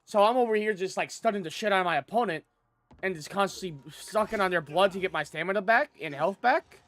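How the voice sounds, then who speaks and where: A man's voice: high voice, fast, a bit bright. A man streaming a video game late at night, explaining the mechanics in a loose, rambling, profane way. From United States. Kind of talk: casual gameplay commentary.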